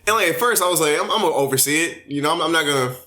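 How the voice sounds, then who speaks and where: A young man hosting a casual chat, telling animated stories in slangy, profane talk. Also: fairly high pitch, rapid-fire. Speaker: podcast host.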